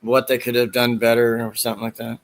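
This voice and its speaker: A man's voice: mid-range voice, completely flat delivery, fast. A man hosting a casual chat, rambling as he retells movie scenes and acts out the quoted lines.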